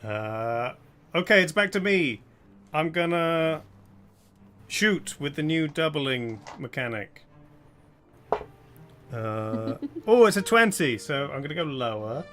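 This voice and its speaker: A man's voice: fairly high pitch, expressive, slow pace, pauses often. A man acting as game master of a live tabletop game, narrating dice rolls and often chuckling.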